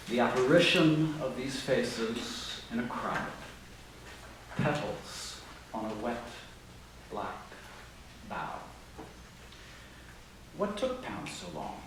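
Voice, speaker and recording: A man giving a measured literary lecture on poetry, tapping out stresses aloud, in a lecture room at a writing residency. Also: mid-range voice, slight background noise. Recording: very echoey room, distant mic.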